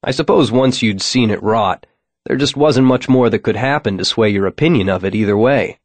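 A man reading a first-person audiobook in a measured, wry, descriptive manner. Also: medium pitch, no room sound. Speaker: audiobook narrator.

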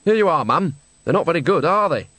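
This is a gossipy old witch from the countryside, cheerful and full of chatter. Her voice sits high and bounces around, put on by a male storyteller. The sound is dry and close, with no room around it. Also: expressive, a bit bright, dry recording. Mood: chatty. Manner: cheerful, gossipy, talks in rapid asides.

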